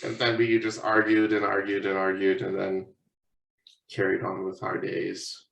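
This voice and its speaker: A young man co-hosts a podcast in loose, profane chat and acts out his parents' lines as he tells a story. His voice is bright and slightly low. He sits some way from the mic in an echoey room. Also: completely flat delivery, measured pace, creaky, slight background noise. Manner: storytelling, swearing often, mimics his parents. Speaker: podcast co-host. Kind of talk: casual chat. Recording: echoey room, picked up from a distance.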